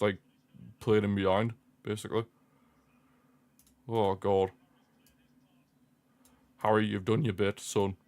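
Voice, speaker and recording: A man's voice: on the low side, darkish tone. A young man hosting a football watchalong stream, anxious and pleading as he comments on the match live.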